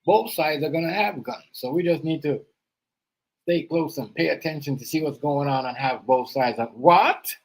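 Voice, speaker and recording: A man hosting a live stream, rambling through casual reaction commentary and swinging between loud outbursts and quiet asides. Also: fairly high pitch, moderate pace, rough recording. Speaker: stream host. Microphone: live stream setup.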